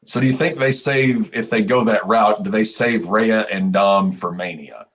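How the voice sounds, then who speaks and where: Man, wrestling podcast co-host, casual chat, stumbling restarts, lowish voice. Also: a bit bright. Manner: halting, repeats words as he starts.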